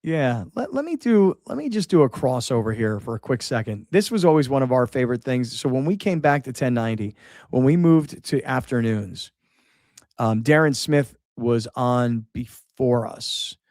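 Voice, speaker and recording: Halting middle-aged male radio host. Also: mid-range voice, animated, a little mellow, no room sound, studio quality. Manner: halting, repeats words, shifts between sad and laughing. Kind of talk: emotional on-air remembrance.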